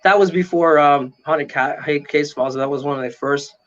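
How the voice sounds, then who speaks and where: Guy with a high voice spinning a spooky story, acts out every voice, dull lo-fi sound. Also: moderate pace, a bit bright. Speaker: paranormal investigator guest. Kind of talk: animated storytelling. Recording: dull lo-fi audio.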